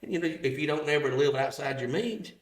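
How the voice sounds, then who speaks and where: A middle-aged man, a podcast guest, telling stories about his car business in a folksy, halting way, often restarting his sentences. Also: a little high. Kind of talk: casual chat. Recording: roomy echo.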